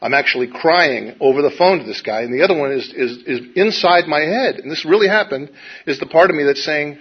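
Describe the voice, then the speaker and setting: A man's voice: fairly high pitch, slightly rough. Wry middle-aged man telling his story. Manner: wry, self-deprecating, halting with restarts. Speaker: speaker sharing a recovery story. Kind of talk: personal storytelling to a live audience. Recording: dull lo-fi recording.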